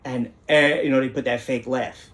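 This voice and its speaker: A man's voice: mid-range voice, steady tone, moderate pace. Indignant middle-aged man. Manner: indignant, rambling, repeats phrases for emphasis. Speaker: host. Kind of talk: casual monologue rant.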